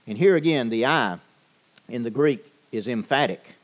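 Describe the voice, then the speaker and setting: Man preaching with slow, halting pauses. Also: mid-range voice, expressive. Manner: measured preaching with frequent "uh" pauses, slowing for emphasis. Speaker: pastor. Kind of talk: sermon.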